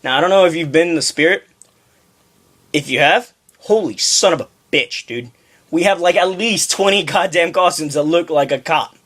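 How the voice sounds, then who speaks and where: Brief: young male podcast co-host, profane and animated storyteller, slightly raised pitch. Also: moderate pace. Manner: profane, ranting storyteller who mimics voices. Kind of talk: casual chat.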